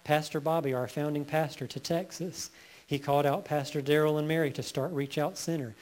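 A male pastor preaching a sermon, reading scripture slowly and building to emphatic peaks. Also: fairly high pitch, steady tone, darkish tone.

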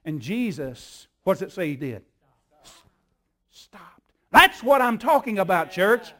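An older male pastor preaching a sermon in an emphatic, repetitive cadence that builds into shouts. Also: sits high, very animated, normal speed.

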